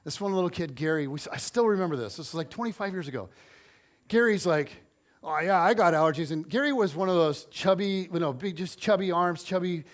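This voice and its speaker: Brisk and high-pitched, a forties-aged man preaches as a pastor. His sermon is conversational and built on personal stories, told with self-deprecating chattiness, playful jokes and animated energy.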